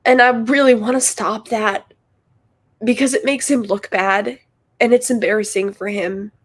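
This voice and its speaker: A woman talking on a livestream, rambling and halting, with heavy use of filler words and a soft, unsure delivery. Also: on the high side, steady tone. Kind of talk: confessional livestream talk.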